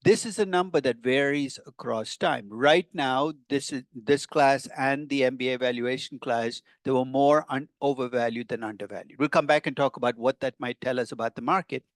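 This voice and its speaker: A man's voice: medium pitch, dry recording. An older man, a professor giving a conversational classroom lecture with wry, teasing asides to his students.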